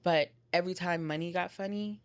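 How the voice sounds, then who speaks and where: A woman's voice: fairly low pitch, steady tone, fairly quick. A young woman, a podcast guest, candidly retelling a painful personal story, with lots of filler "like"s. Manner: candid, emotional retelling with many filler likes.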